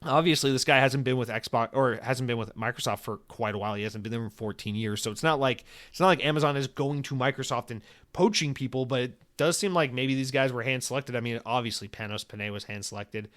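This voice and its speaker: A man's voice: medium pitch, fast talker, a bit bright. A young man hosting a solo gaming podcast, rambling and sarcastic, swearing often and acting out quoted voices mid-rant. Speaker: podcast host.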